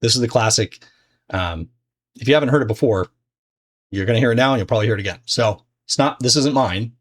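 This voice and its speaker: A man's voice: medium pitch, fast. Casual, rambling male trading teacher. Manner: loose and conversational, many fillers and restarts. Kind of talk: casual explanatory lesson.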